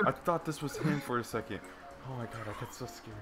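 A man's voice: medium pitch, brisk. A man playing a horror game with friends, jumpy and panicky, shrieking and laughing often. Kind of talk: excited gaming chat. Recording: music in background. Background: game music.

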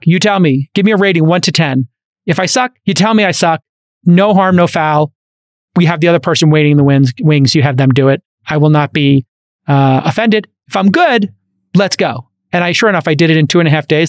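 Brooklyn guy hosting a podcast, kinda high voice, rambly and animated, dry close mic. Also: a little fast, no room sound. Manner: animated, talkative, many fillers and restarts. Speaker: podcast host. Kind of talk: casual interview chat. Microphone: studio microphone.

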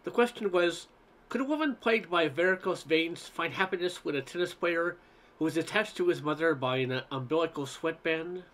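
A man reading a humorous essay aloud in a wry, expressive storytelling manner. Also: on the high side, normal speed.

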